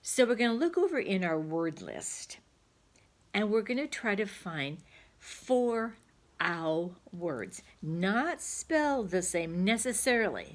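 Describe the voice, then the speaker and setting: A woman's voice: mid-range voice, big pitch swings, takes it slowly. A woman teaching a phonics lesson to young children, patiently sounding out words aloud.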